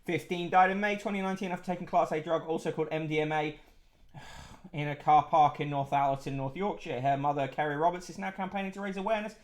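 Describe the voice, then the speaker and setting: A man's voice: on the high side, fairly even intonation, quick pace. A man hosting a casual livestream, reading out newspaper headlines and chat comments with sardonic asides, swearing and frequent fillers. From United Kingdom.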